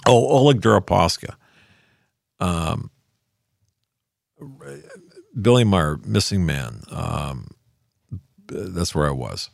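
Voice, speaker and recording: A man's voice: deep voice, lively intonation, takes it slowly, vocal fry, no room sound. An older man hosting a rambling political commentary monologue from his home office studio, often losing his thread and picking it back up.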